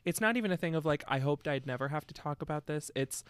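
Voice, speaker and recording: A young adult co-host trades playful, dramatic jokes in a casual podcast chat. The voice is smooth and clear, with lively swings in pitch. It sounds dry and close to the mic. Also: fast talker, no room sound. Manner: playful banter, dramatic jokey delivery.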